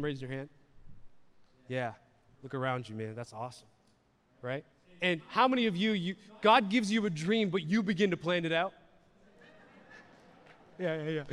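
A man's voice: high voice, a bit bright. Preaching man in a reverberant hall. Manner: conversational, repeats words, asks the crowd questions. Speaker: pastor. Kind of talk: sermon. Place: church hall.

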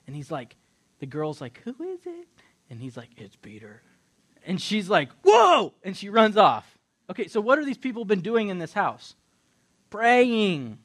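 A middle-aged man preaching a lively sermon, retelling a Bible story and acting out the characters in quick voices while joking with his listeners. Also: fairly high pitch. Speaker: pastor or Bible teacher.

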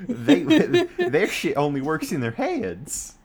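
A man voicing a loud, blustering Southern Republican man in a mocking drawl with a Southern accent. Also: high-pitched, huge pitch swings, takes it slowly, creaky, crowd noise, voice pushed up, full character voice. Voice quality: exaggerated drawl. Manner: laughing through the lines, mocking.

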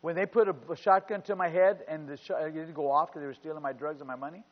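This older pastor's voice is on the high side and steady in tone, yet fast, as he preaches through personal stories that swell into fervent, rising exclamations. The recording, made in a church sanctuary, is muffled and carries long reverb.

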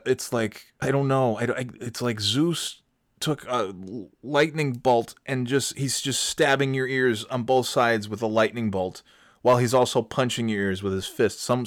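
A man telling a comic story in an animated, profane, self-mocking way. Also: medium pitch, dry recording, clean studio sound.

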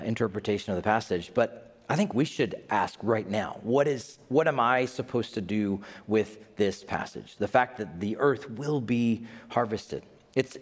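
A male pastor preaching a sermon in a conversational, animated way with casual asides. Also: fairly low pitch. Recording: echoey hall reverb.

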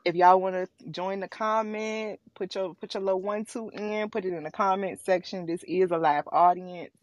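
A woman's voice: mid-range voice, steady tone, moderate pace, dry recording, dull audio. A woman co-hosting a podcast, chatting casually and speaking directly to a live audience. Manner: warm, chatty, talks directly to listeners. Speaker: podcast co-host.

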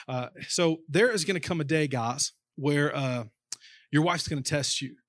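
A man's voice: a little high, moderate pace, no room sound, clean studio sound. A man, preaching a conversational sermon with emphatic repetition. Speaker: pastor. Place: church auditorium.

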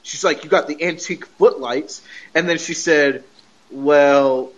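A man's voice: on the high side, a little slow, fairly bright tone, highs cut off. A podcast host casually recapping a TV episode, laughing often and acting out the characters' lines as he retells the scenes.

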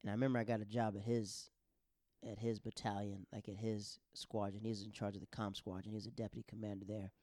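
A man hosting a podcast, telling stories in a casual, animated, slangy way and acting out the quotes. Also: on the low side, fast talker, no echo, clean studio sound. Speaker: podcast host. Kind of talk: casual storytelling.

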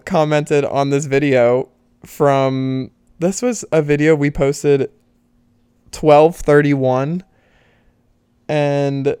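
A man's voice: medium pitch, darkish tone, clear, resonant tone, dry recording, studio quality. A young man talking casually to his viewers, candid and rambling, laughing often and swearing as he vents. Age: young adult. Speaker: vlogger. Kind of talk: casual talk to camera.

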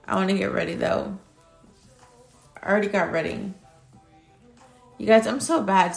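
A woman's voice: fairly low pitch, gravelly. A young woman vlogging at home, talking in a blunt, ranting way and swearing freely. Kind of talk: casual chat.

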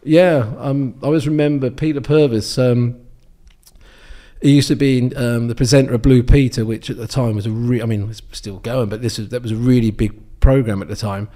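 An English guest in his sixties, a onetime darts champion, meanders through anecdotes with many ums and restarts in a casual interview. He speaks at normal speed in a mellow, mid-range voice with fairly even intonation.

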